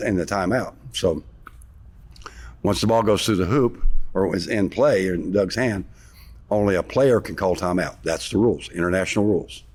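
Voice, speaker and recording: Deep-voiced man telling an old story. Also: slightly rough. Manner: rambling, animated retelling with sarcasm. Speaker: interview guest, former basketball player. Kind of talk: storytelling in a sit-down interview.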